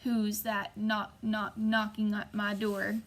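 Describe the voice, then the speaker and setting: A woman voicing a mean old backwoods woman with a harsh, shrill voice and a scolding rural drawl. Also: monotone, slow. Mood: demanding.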